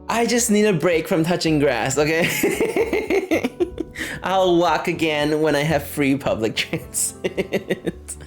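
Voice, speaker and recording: A man talks casually to his livestream audience, unhurried and very animated in pitch. He laughs often as he reacts to chat. Faint music plays behind him.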